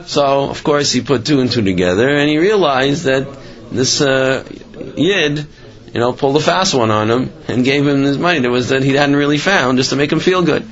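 A man tells stories during a lecture in a conversational, halting way, often pausing with fillers. His voice sits at an ordinary middle pitch. The recording sounds slightly muffled and lo-fi. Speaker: Torah teacher telling stories. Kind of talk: storytelling lecture.

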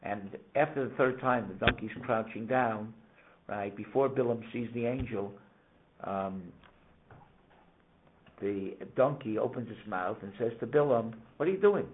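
A man teaching a casual Torah lesson, telling stories with animated, emphatic questions. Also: fairly low pitch, unhurried, long pauses, a little hiss or hum. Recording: tinny phone-like sound.

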